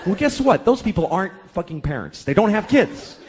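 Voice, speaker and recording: A man's voice: high-pitched, fairly quick, a faint crowd, slight background noise. A man doing a profane, exasperated stand-up rant on a live comedy stage. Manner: profane, exasperated, animated ranting. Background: faint audience laughter.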